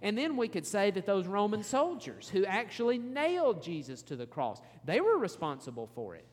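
Earnest preacher in a reverberant hall. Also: male voice, high-pitched, big pitch swings. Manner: earnest, measured teaching with scripture references. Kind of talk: sermon.

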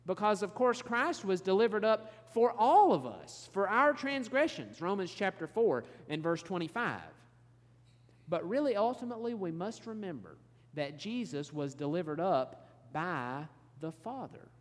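Earnest preacher in a reverberant hall. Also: male voice, sits high, very animated. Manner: earnest, measured teaching with scripture references. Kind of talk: sermon.

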